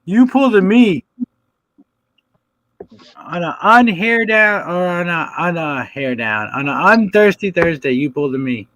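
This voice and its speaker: A man hosting a reptile breeder's live stream, chatting with callers in loud, teasing, swearing banter. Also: sits high, animated, unhurried, slight background noise, poor audio. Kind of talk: casual chat with callers.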